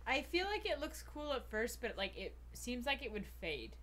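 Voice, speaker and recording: A woman's voice: fairly high pitch, big pitch swings, normal speed, a bit bright, a little hiss or hum. A woman co-hosting a game stream, chatting in a laid-back way and laughing often. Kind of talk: casual chat during a game playthrough.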